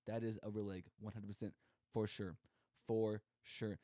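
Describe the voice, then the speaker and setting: A man's voice: lowish voice, flat delivery, normal speed, warm tone, dry recording, clean studio sound. A young man talking casually on a podcast, rambling and joking as he acts out quoted voices. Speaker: podcast co-host. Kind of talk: casual comedic monologue.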